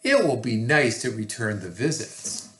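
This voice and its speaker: A man voicing a polite, friendly male lion in a children's storybook read-aloud, in a gentle voice. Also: medium pitch, sing-song, unhurried, reverberant. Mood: puzzled.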